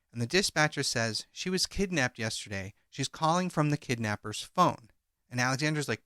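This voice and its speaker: Man, podcast co-host, bright voice, dry close sound, reads out quoted lines. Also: medium pitch, lively intonation, fairly quick, no echo. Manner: recounts a transcript, reading out each speaker's lines in turn. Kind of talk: true crime podcast retelling.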